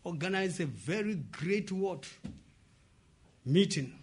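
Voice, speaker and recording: Here a man preaches through a story, prompting the congregation to finish his words by asking "what?" and dropping in "praise God" and "amen." He speaks slowly in a high, animated, slightly rough voice.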